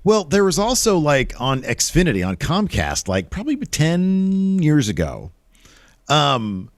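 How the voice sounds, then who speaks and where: Animated rambling man, lively pitch. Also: a little slow, no room sound, clean studio sound. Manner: animated, rambling, self-mocking. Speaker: co-host. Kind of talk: casual podcast chat.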